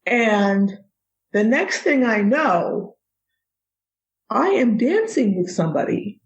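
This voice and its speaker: A woman from the United States, a guest author telling a personal story in a lively way and laughing often. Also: on the high side, takes it slowly, dull audio. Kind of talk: casual storytelling.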